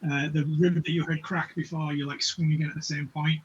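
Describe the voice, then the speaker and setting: A man acting as game master, narrating a tabletop game in a relaxed way with many fillers. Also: a little high, brisk. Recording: dull lo-fi with faint noise.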